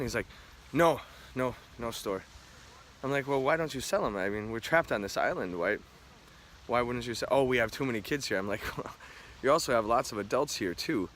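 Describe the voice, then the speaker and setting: A man's voice: mid-range voice, a bit bright, a little hiss or hum. A young man vlogging outdoors by a resort restaurant, ranting and swearing as he recounts his frustrations to the camera. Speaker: travel vlogger. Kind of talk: venting vlog to camera.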